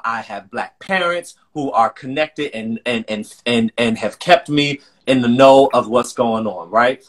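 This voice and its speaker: A man's voice: medium pitch, pushed and bright. A man talking earnestly and emotionally in a live-streamed conversation. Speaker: guest, choreographer and artistic director.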